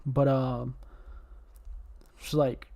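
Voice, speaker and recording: A man's voice: mid-range voice, flat delivery, very slow, gravelly, dark tone. A man hosting a casual podcast chat, rambling with lots of fillers and swearing. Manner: rambling, heavy on fillers and profanity. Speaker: podcast host.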